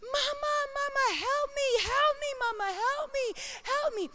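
A terrified toddler boy cries out for his mother in high, whimpering baby talk, voiced by a woman telling the story. The voice sits far up in a squeaky register, small and pleading. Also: fairly even intonation, a little slow. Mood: crying.

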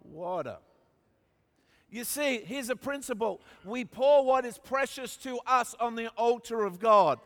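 An Australian man preaching a sermon, with emphatic delivery that moves from quiet asides to shouted peaks. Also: very high-pitched, lively intonation, measured pace. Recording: long hall reverb.

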